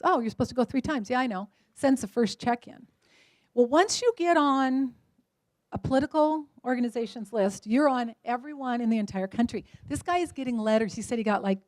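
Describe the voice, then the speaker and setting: Woman keynote speaker, fairly high voice, dry close sound, animated storytelling. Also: no room sound. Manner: lively storytelling, acts out quoted voices. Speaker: motivational speaker. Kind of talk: luncheon keynote talk.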